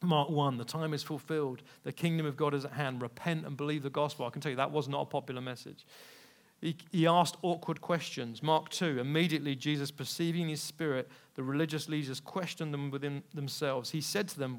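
Pastor preaching with big swings. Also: male voice, on the high side, a little fast. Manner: storytelling, swings between hushed and loud emphatic passages. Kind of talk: sermon.

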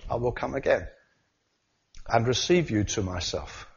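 Preacher with a dull-toned recording. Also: male voice, medium pitch, lively intonation, unhurried, vocal fry. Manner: swings from loud cries to quiet asides. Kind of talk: sermon. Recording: slightly dull sound.

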